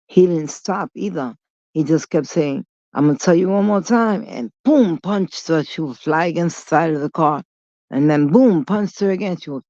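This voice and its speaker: A woman's voice: sits low, dark tone, dry recording. A woman vlogger telling a long story in a rambling, digressive way, blunt and full of swearing. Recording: dull lo-fi recording.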